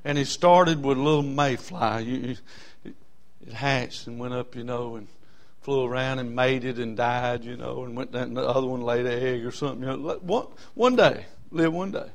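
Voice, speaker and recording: A man, telling a story in a sermon in a folksy, animated way, with bursts of whooping. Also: mid-range voice, normal speed, hardly any pauses. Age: 60s.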